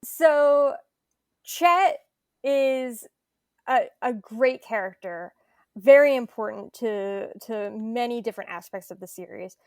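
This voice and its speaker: A woman's voice: on the high side, lively intonation, takes it slowly, a little mellow, clear, resonant tone, no echo. Articulate woman, dry close sound. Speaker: podcast cast member asking questions. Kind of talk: casual remote interview.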